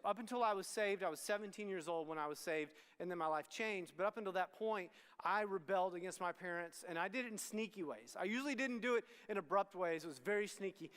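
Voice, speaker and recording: A man's voice: high voice, fairly bright tone, smooth. A middle-aged man from Texas, a student ministry pastor, giving a candid youth sermon with many restarts and asides to the crowd. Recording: long hall reverb.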